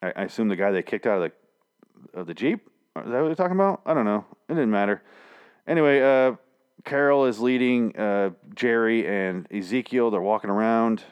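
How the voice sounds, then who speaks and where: A man's voice: lowish voice, lively intonation, brisk, smooth, muffled recording. A man hosting a casual, rambling TV episode recap, full of swearing and restarts. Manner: profane, rambling, frequent restarts.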